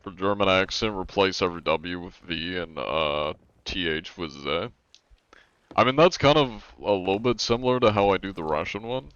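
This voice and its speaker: A man's voice: sits low, moderate pace, fairly bright tone, smooth, highs cut off. A man streaming a game live, chatting casually and rambling with occasional chuckles and swearing.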